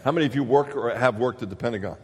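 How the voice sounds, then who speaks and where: A man in his late fifties giving a sermon as an animated storyteller, acting out the people he quotes. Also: medium pitch, racing, breathy edge. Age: 50s. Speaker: speaker. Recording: long reverb of a hall.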